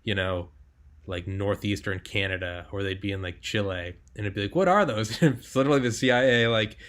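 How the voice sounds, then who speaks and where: A man's voice: sits low, steady tone, a little fast, a bit bright. A young man hosting a podcast, chatting casually and animatedly, swearing and laughing as he tells stories. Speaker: podcast host.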